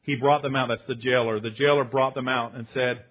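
A man in a mid-range voice preaches a sermon with firm conviction, often slowing down to hammer home a point. His voice has a husky edge. The recording sounds a little dull and lo-fi. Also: medium pitch, fairly even intonation. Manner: emphatic, slows down to stress key phrases; addresses listeners as friends, with some restarts. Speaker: pastor.

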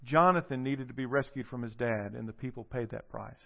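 A man preaching a sermon, retelling a scripture story with animated storytelling and acting out the quoted lines. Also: mid-range voice, a little fast, gravelly. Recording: tinny phone-like audio.

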